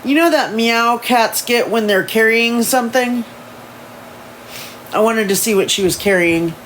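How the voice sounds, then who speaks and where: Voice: mid-range voice, measured pace, a bit bright, slight background noise, rough recording. A livestream host chatting casually at home, rambling and second-guessing their memories, and sometimes reading a novel aloud. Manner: rambling, unsure of details, self-correcting. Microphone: phone livestream.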